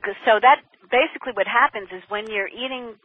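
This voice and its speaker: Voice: mid-range voice, brisk, no echo. A health practitioner talking casually about the immune system, chatty, laughing often and restarting mid-sentence. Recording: tinny phone line.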